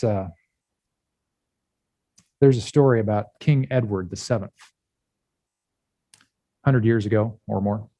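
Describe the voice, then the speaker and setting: A male pastor giving a candid sermon, speaking with pauses and restarts. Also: medium pitch, mellow, dry recording. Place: church.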